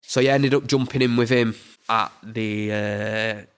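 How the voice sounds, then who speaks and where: A young man with a Yorkshire accent, a boxer chatting in an interview, halting and repeating his words. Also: on the low side, fairly even intonation, clear, resonant tone. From England. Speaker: boxer guest. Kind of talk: casual interview chat.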